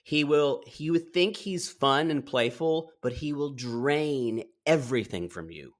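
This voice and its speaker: A man's voice: medium pitch, expressive, unhurried. A man co-hosting a podcast, chatting playfully and giving strong opinions while recording remotely. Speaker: podcast co-host. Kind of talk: casual chat.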